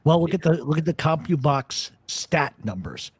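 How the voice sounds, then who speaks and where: A man's voice: on the high side, big pitch swings, moderate pace, slightly rough, no echo. A man hosting a talk show, telling stories and arguing his points bluntly, with plenty of swearing. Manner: profane, blunt storyteller. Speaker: radio show host. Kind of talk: casual chat, storytelling.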